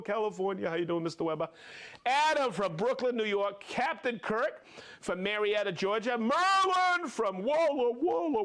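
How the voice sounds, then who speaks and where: A man hosting a live stream, upbeat, reading off viewer names and places with quick friendly asides. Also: high-pitched, fairly bright tone. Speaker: livestream host.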